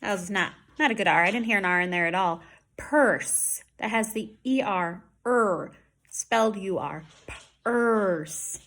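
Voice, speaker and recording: A woman teaching an online lesson from home, speaking slowly and modeling speech sounds with exaggerated care. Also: mid-range voice, fairly bright tone.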